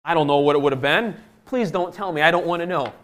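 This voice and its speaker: Male preacher, fairly high voice, sermon with scripture reading, dynamic delivery from loud to hushed. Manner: swings between loud emphasis and hushed, drawn-out phrases; reads scripture in old-fashioned biblical wording.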